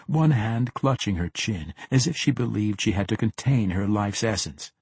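A man narrating a fantasy audiobook in a steady, dramatic reading. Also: low-pitched, moderate pace, hardly any pauses, husky, no room sound.

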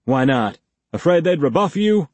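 A man's voice: a little high, sing-song, a little mellow, dry recording, pitched above the performer's own voice. Man voicing a pushy, needling cop interrogator. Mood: badgering. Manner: badgering, rapid-fire leading questions. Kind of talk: audiobook character voice.

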